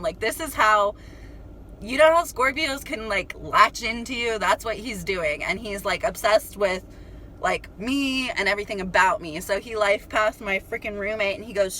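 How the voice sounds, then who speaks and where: A woman's voice: medium pitch, normal speed, a little hiss or hum, low-quality recording. A young woman telling a story to her viewers in a casual, chatty way, full of "like" and casual swearing. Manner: chatty, animated, heavy use of "like". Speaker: spiritual vlogger.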